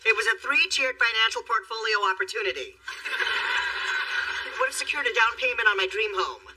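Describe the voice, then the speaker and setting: Sassy, sarcastic office assistant. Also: male voice, high-pitched, expressive, normal speed, pushed and bright, distant mic, exaggerated voice, rough recording. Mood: snippy. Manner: sarcastic, snippy comebacks. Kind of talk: sitcom acting.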